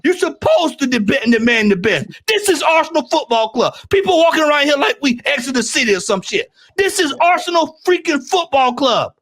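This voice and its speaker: Speaking with a Southern US accent, this football fan on a panel launches into an angry rant, very animated and brisk with few pauses. His high voice swings wide as he repeats himself over and over and raises his voice to shouting.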